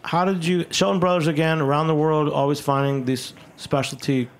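A man's voice: fairly high pitch, steady tone, a little fast. A man hosting a radio talk show in a studio, enthusiastic and rambling, often repeating himself. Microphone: studio microphone.

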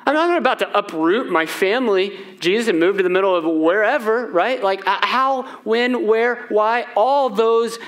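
A man's voice: high-pitched, normal speed, few pauses, a bit bright. A middle-aged man with a twang preaches a sermon in a slightly raised voice. He keeps it loose and conversational. He tosses rhetorical questions at the congregation and slips into the voices of the people in his story. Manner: conversational, asks the crowd "right?" often, voices the disciples. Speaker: pastor.

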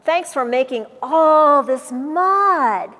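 A woman voicing a group of stubborn, mud-loving pigs in a storybook reading, slowly and defiantly, in a reverberant hall. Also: sits high, animated, fairly bright tone, full character voice. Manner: slow, defiant chant.

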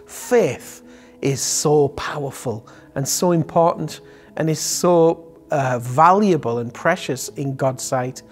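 A man's voice: fairly high pitch, slow, soft background music. A man giving an earnest, encouraging daily devotional sermon that ends in prayer. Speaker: devotional speaker.

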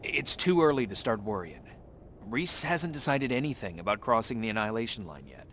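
An actor playing a calm, gentle male soldier in a video game. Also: medium pitch, a little fast, a little hiss or hum, close to an everyday voice. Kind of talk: video game cutscene acting.

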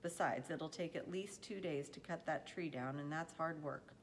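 A woman reading aloud as a patient farmer father speaking to his son in a slow, calm, reassuring way. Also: sits low, slight background noise. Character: kindly, patient farmer father, middle-aged man.

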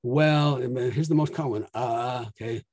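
Guy lecturing at a conference, mellow husky voice, keeps checking in with okay?. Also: medium pitch, measured pace, no room sound. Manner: explanatory, checks in with frequent "okay?". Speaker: conference plenary speaker. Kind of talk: lecture presentation.

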